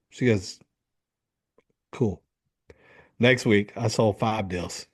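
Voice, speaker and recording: A middle-aged men's coach tells a story during an interview, his voice fairly low and his pace measured, with frequent pauses. He's animated, acting out what people said and swearing freely.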